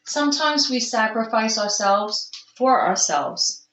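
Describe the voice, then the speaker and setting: A woman doing a casual tarot reading to camera, slow and musing, with soft gushing exclamations and an allergy-roughened throat. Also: fairly high pitch, lively intonation, echoey room, a little hiss or hum, poor audio. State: clearing her throat from allergies. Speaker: tarot card reader.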